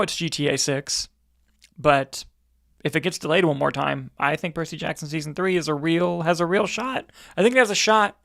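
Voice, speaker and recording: A man's voice: on the high side, vocal fry, a bit bright, no echo, studio quality. A man co-hosting a movie news roundtable podcast, talking casually with candid, profane jokes. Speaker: podcast co-host.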